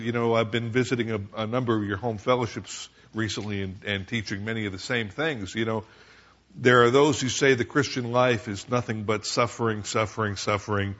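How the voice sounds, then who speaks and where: A man's voice: mid-range voice, fairly bright tone, muffled recording. A man preaching at a church service, easy and joking with the congregation. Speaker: pastor. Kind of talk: sermon.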